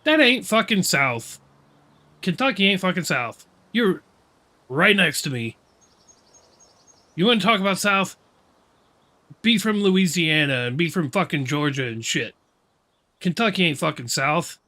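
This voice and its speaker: A man's voice: a little high, animated, unhurried, pauses often, bright, forceful tone. A middle-aged American man hosting a livestream, ranting and swearing at his chat in casual, laughing banter. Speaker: livestream host.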